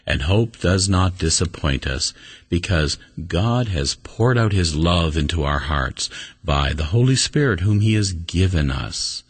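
A male preacher delivering a sermon in a deep, husky voice. He tells the story earnestly, pushing some words up high with emphasis and letting others sink to a soft, low murmur. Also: expressive, measured pace, dry recording.

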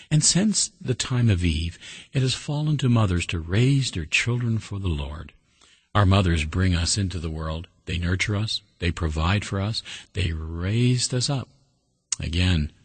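Male radio preacher, deep husky voice, dry close mic, folksy and earnest. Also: no echo. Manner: folksy storytelling, earnest and steady. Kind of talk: sermon.

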